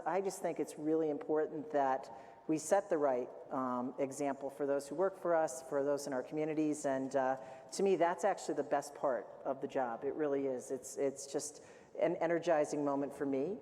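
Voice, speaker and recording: A woman's voice: deep voice, dark tone. A woman executive on a panel, speaking earnestly and with emphasis. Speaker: company CEO panelist. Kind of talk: panel discussion. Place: conference stage. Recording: hall reverb.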